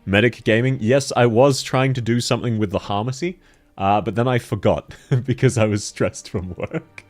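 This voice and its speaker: A man with a deep timbre chatting casually and jokily while streaming a game, laughing often. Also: normal speed, faint music behind. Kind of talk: casual gaming stream chat.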